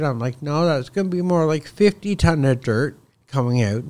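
A man's voice: on the high side, expressive, normal speed, a little mellow. Man, contractor guest; casual podcast storytelling, heated and profane, acts out his own phone calls.

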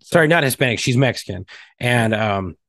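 A man's voice: medium pitch, animated, normal speed, fairly bright tone, no room sound, clean studio sound. A man in a casual chat, telling a work story in a blunt, playful manner with swearing.

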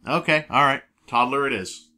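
A man's voice: medium pitch, moderate pace, pushed and bright. A man co-hosting a podcast in casual chat, easygoing and often repeating words as he talks. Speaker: podcast co-host.

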